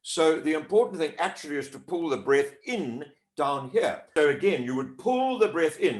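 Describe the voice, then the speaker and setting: A man explaining voice warm-up exercises as a coach in an interview, animated and demonstrative. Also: on the high side, normal speed, hardly any pauses. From South Africa. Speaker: voice-over coach. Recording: echoey room.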